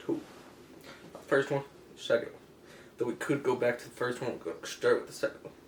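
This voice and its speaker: A man's voice: medium pitch, steady tone, brisk, slight background noise. Rambling man in an echoey room. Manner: rambling, self-correcting, offhand. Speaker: comic history explainer. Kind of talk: casual comedic explainer with pirate slang.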